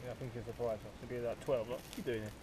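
A man's voice: mid-range voice, steady tone, racing, noisy background. A man on a fishing trip outdoors by a lake, cracking cheeky jokes and laughing with his friends. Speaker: angler on the trip. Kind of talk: casual chat.

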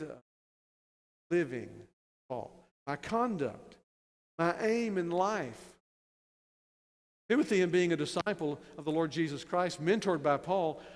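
Emphatic preaching man in a reverberant church. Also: a little high. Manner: emphatic preaching, rising to loud stressed phrases. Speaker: pastor. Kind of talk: sermon. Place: church sanctuary.

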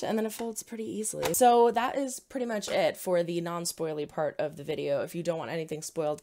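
A woman with a New Jersey accent hosting a casual unboxing and review video, chatting in a gushing, excited way with quick asides. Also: deep voice, slight background noise. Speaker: reaction video host.

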